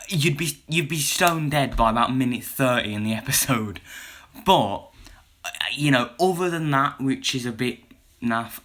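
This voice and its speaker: Young guy rambling thru a review, bright sharp voice, lots of "you know". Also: mid-range voice. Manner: chatty and meandering, full of "you know" and restarts. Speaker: video reviewer. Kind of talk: casual video review.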